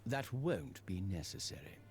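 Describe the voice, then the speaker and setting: A man's voice: low voice, sing-song. An actor playing a self-assured, theatrical male detective with a British accent in a video game. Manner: grand, self-assured, dramatic pauses. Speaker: game character. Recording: game audio under loud music.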